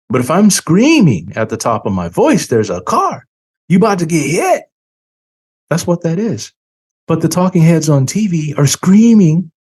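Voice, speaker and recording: A man's voice: a little high, dark tone. A man hosting a finance channel, talking in an opinionated monologue and leaning hard on key words, a little tired. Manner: emphatic, drawn-out stresses on key words.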